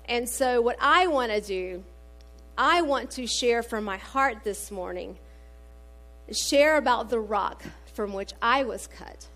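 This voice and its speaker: A middle-aged woman gives a sermon in a slightly high voice. She moves between scripture readings and homey family anecdotes. Her talk is conversational, with frequent "um" fillers. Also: animated, slow. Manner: warm storytelling with scripture quotes, many fillers. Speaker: preacher.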